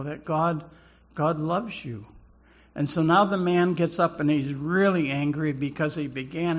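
A man preaching a sermon slowly and haltingly, often repeating words as he goes. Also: on the high side, dull audio. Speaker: pastor.

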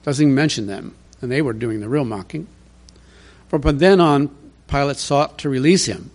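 A male pastor at a mid-range pitch, walking through scripture in a relaxed, talky way. He leans on emphasis and rhetorical questions to press his points home. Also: moderate pace. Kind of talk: expository sermon.

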